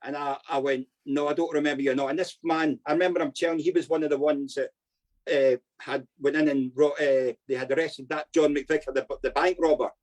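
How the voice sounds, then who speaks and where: A man's voice: a little high, steady tone, brisk, a little mellow, rough recording. Older Scottish man telling stories. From Scotland. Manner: rambling anecdotes, frequent "you know what I mean". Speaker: guest. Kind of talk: storytelling interview.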